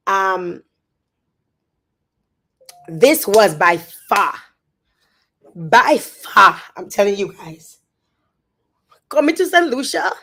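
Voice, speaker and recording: A woman with a Dominican accent, talking on a phone live stream. She speaks haltingly and repeats words as she tries to stay composed. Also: medium pitch, fairly bright tone. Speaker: social media influencer. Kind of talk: emotional live-stream monologue.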